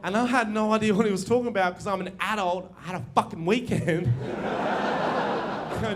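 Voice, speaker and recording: A young Australian man doing a crude, brash live stand-up routine, telling stories with quick asides. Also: high voice, fairly even intonation, noisy background. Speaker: stand-up comedian. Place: comedy venue stage.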